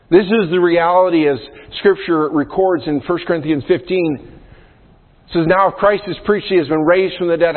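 A male pastor preaching a sermon in a conversational way, often checking in with "right?" as he explains Scripture. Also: fairly high pitch. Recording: phone-like sound in a long-reverb hall.

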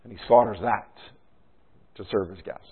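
A man's voice: on the low side, fairly even intonation, moderate pace, slightly rough. A man preaching a sermon and tossing in rhetorical questions and a frequent "right?". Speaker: pastor. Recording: tinny phone-like sound.

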